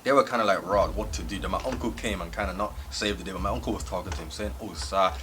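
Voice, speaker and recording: A young man telling a comic storytime story on his vlog, animated and laughing as he goes. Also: sits low, quick pace, noisy background. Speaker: vlogger.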